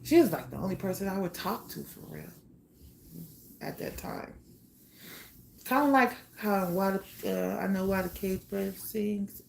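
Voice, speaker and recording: A young woman telling her own life story in a candid, blunt way, pausing often with fillers. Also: medium pitch, gravelly, darkish tone, slight background noise. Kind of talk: personal storytelling monologue.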